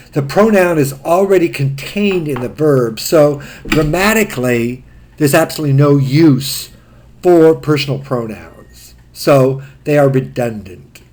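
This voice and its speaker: Man, Greek grammar lecture, slow deliberate delivery, middle pitch, step-by-step explaining. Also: darkish tone. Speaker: Greek language teacher. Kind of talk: recorded lecture.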